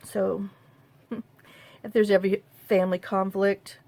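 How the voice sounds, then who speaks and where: A woman's voice: mid-range voice, little pitch movement, slow pace, creaky, a little mellow. A woman, telling a personal story to camera in a casual, rambling, half-joking way. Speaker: craft vlogger.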